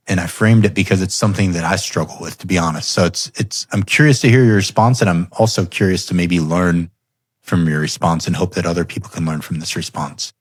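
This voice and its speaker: A man's voice: low voice, dry recording. A man hosting a podcast, telling family stories with laughs and growing animation. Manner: animated storyteller, laughs often. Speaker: podcast host. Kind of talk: casual storytelling conversation.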